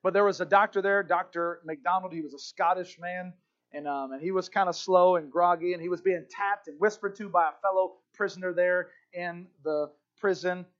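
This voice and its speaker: A male pastor preaching a sermon, telling a story with passion and moving from hushed lines to shouts. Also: sits high, fairly even intonation, moderate pace, dull audio.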